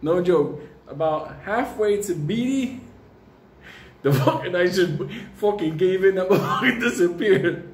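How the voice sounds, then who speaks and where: A man tells a comic story in a profane, animated way, laughing often. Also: sits high, measured pace, slight background noise. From New York. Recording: roomy with faint ambience.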